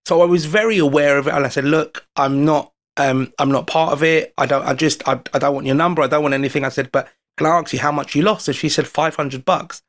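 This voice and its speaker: A man with an English accent telling a story on a podcast, his voice sitting a bit high for a man. He talks in an animated way and acts out what he said in the moment, with restarts along the way. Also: fast talker, few pauses. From London, England. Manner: animated anecdote telling, acting out his own quoted lines. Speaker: podcast guest. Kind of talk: casual storytelling chat.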